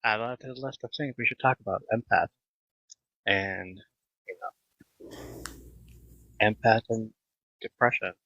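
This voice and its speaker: A man hosting a casual live podcast, animated and laughing often as he chats with viewers. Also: lowish voice, unhurried, pauses often, dry recording. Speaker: podcast host. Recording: slightly dull lo-fi mic.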